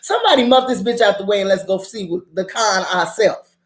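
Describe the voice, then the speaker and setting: A woman's voice: mid-range voice, brisk. A woman ranting casually about a TV drama, swearing and laughing often as she recaps scenes. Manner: profane, animated, laughs often. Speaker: drama review vlogger.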